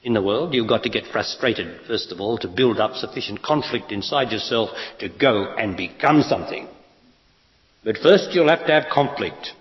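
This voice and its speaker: A man's voice: lowish voice, expressive, moderate pace. A man giving a spiritual talk to an audience, blunt and emphatic, asking rhetorical questions. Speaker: spiritual teacher. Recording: lo-fi echoey hall.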